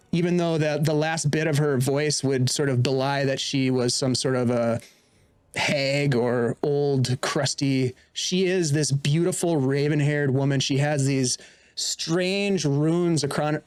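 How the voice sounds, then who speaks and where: A man running a tabletop game as dungeon master, narrating while searching for his words. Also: fairly high pitch.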